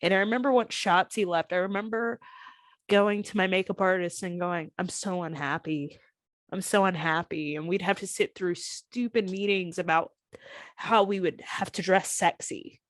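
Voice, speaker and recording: A woman's voice: mid-range voice, steady tone, moderate pace, no room sound. A woman in her thirties speaks candidly in an interview, her voice emotional as she recounts her story. She slips into others' voices to quote them. The recording is dry and close. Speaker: guest, former pro wrestler.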